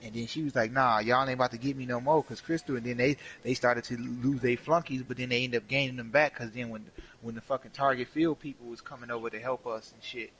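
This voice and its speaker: With barely a pause, he rattles off a work story at medium pitch, his voice a bit rough and the recording rough too. The young streamer keeps it casual, animated, profane and slangy, acting out each quote mid-game.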